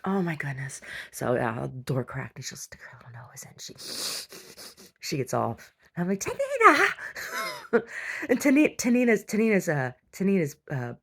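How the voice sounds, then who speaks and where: Casting: woman video diarist, very low voice with gravel, chatty, drops to whispers. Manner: chatty and affectionate, with many restarts and soft whispered asides. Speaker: video diary vlogger. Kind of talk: casual chat.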